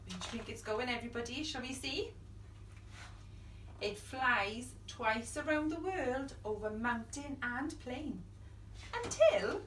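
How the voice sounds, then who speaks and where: A young woman reads a picture book aloud to children, playful and dramatic, with hushed whispers and gasps. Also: high voice, reverberant, distant mic, slight background noise. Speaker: children's storyteller.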